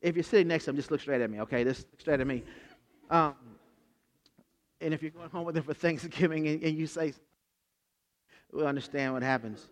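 A high-voiced man preaches a sermon, telling the story in a loose, conversational way and slipping into the characters' voices as he goes. His voice rings out with a long reverb tail, as if from a big church hall. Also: a little fast, pauses often. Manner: animated storytelling, acts out the characters.

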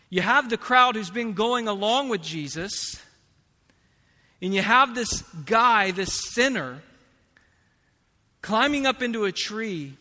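A man preaching a sermon as pastor, slow and emphatic, swinging between hushed and loud passages. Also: high voice. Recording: long reverb of a large hall.

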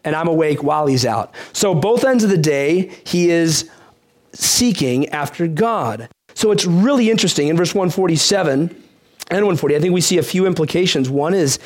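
A man's voice: a little high, lively intonation, moderate pace, darkish tone. A man preaching a sermon in a conversational way, asking the congregation questions and telling a story from his childhood. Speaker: pastor.

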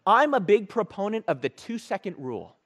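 A male pastor delivering a sermon in a church, voice a little higher than most men's. He tells stories with playful self-mockery, his pitch swinging widely as he talks. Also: big pitch swings, brisk, fairly bright tone, breathy edge.

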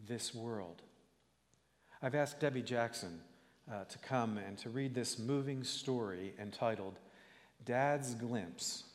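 A man preaching a sermon deliberately, asking the congregation rhetorical questions. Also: medium pitch, in a large hall. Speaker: pastor.

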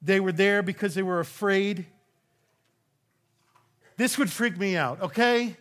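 A middle-aged man from Louisiana preaching a sermon as a pastor, conversational with joking asides, at times dropping to a hushed intensity. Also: sits high, unhurried.

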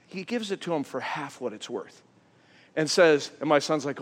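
Middle-aged male pastor, casual storytelling sermon delivery, high-pitched for a man, long reverb. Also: animated, normal speed. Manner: conversational storytelling, swings between quiet asides and loud emphasis.

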